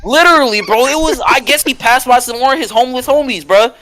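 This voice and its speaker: High, bright man telling a rowdy story. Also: fast talker, no echo. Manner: animated, profane, full of slang. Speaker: storyteller on a podcast. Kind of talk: casual storytelling chat.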